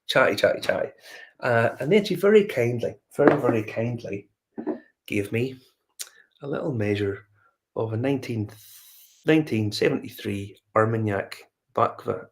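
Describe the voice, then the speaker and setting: A man's voice: mid-range voice, lively intonation, normal speed. A Northern Irish man hosting a whiskey review show, telling a rambling anecdote in casual chat, full of fillers and restarts. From Northern Ireland.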